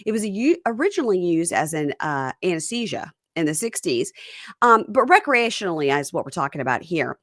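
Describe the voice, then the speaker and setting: A woman hosting a casual podcast, recapping a reality TV episode with animated retelling. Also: a little fast, no room sound, clean studio sound. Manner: lively, acts out quotes in a higher voice. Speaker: podcast host.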